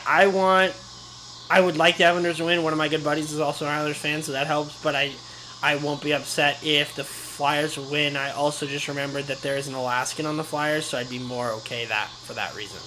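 A man's voice: a little high, fairly even intonation, moderate pace, background noise. A young man co-hosting a podcast, dry and teasing in a casual sports chat. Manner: dry, teasing, matter-of-fact. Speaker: podcast co-host.

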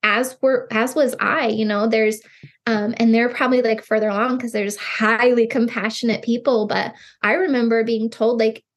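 Earnest woman in her 30s, podcast guest, lotsa "like", slightly high voice. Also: moderate pace. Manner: earnest, expressive, many "like" fillers. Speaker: podcast guest, grief counselor. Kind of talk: casual conversation.

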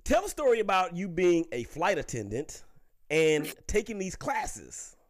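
A man's voice: high-pitched, very animated, unhurried. A man hosting a casual interview show, talking in a chatty, playful, upbeat way. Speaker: show host.

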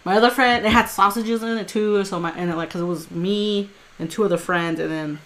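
A woman's voice: mid-range voice, fairly quick. A woman co-hosting a podcast, telling a rambling story full of quoted dialogue and casual swearing. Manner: rambling, animated retelling with quoted asides and swearing. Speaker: podcast co-host.

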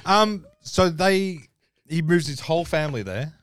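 Excitable Aussie man, lively swinging voice. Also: on the high side, a little slow, no room sound, studio quality. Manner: passionate, swears, raises his voice when excited. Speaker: podcast co-host. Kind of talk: casual chat.

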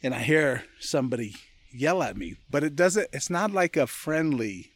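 A man from California spins a story in a relaxed, animated way, acting out other people's lines and laughing often as he goes. His voice sits at an ordinary middle pitch. The sound is dry and close, with no room echo. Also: moderate pace. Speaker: podcast guest, martial arts gym owner. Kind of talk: casual storytelling.

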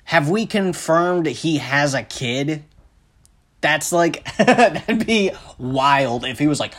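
Young Midwestern male podcaster, unhurried, profane, self-deprecating. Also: fairly high pitch, animated, fairly bright tone. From American Midwest. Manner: rambling, self-deprecating, profane, with frequent laughs and fillers. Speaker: podcast host. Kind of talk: casual solo podcast monologue.

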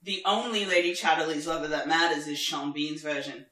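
A woman in casual podcast chat who rants with gusto, swears freely and laughs a lot. Her voice is bright and forceful. The recording carries a roomy echo. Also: sits low, fairly quick. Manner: animated, ranting, swears freely, laughs often. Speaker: podcast co-host.

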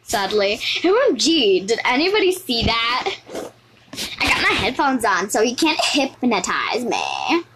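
A woman giving lively, exclamatory commentary over her gameplay, often repeating words in a sing-song way. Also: on the high side, unhurried, heavy background noise. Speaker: gaming video host.

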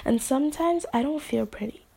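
A woman vlogger in a spontaneous, rambling monologue, using slang and sometimes dropping into soft whispers. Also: high voice, moderate pace, gravelly.

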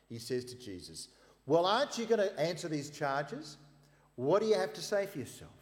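A man preaching a sermon, retelling scripture in an emphatic, storytelling way with casual asides. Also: lowish voice. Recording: long reverb of a large hall.

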